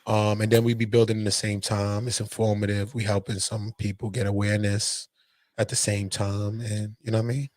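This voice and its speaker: A man's voice: fairly low pitch, level tone, brisk, a little mellow, no echo. A man hosting a casual podcast chat, emphatic and slangy, repeating himself to drive points home. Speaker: podcast host.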